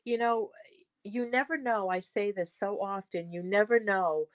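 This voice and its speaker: Older woman guest, chatty stories that restart a lot, middle pitch, dry sound. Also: measured pace, no echo. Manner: rambling, with frequent restarts. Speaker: podcast guest. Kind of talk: conversational storytelling.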